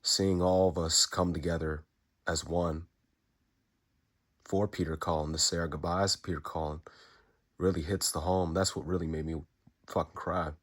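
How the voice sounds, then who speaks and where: A tearful man with a low, deep voice talks straight to the camera, fighting back tears. He halts and restarts his sentences, repeats words and swears casually. The monologue is unscripted. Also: little pitch movement, moderate pace, pauses often. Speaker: fan recording a tribute message.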